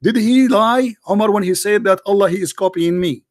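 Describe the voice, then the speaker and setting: A man's voice: high voice, a little fast, no room sound, clean studio sound. A man hosting a heated live call-in debate, combative and interrupting, repeating his points insistently and losing his voice. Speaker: livestream debate host.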